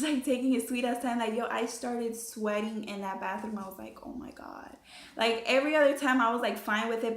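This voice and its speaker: A young woman telling her story in a casual, animated way, full of fillers and swearing. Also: on the high side. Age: young adult. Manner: chatty, animated, swears freely, many fillers. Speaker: vlogger. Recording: echoey room.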